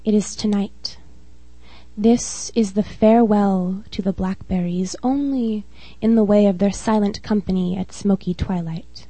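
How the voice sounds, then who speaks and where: A woman reading her spoken-word poetry slowly and deliberately, trailing off softly at line ends. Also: medium pitch, no room sound, rough recording. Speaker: featured poet.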